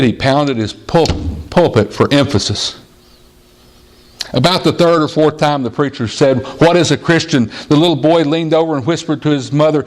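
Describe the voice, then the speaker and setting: A male pastor preaching a sermon in plain, earnest words, telling stories and sometimes quoting a small child in a high voice. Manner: jumps to a high child's voice when quoting a boy. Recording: audio-only church sermon recording.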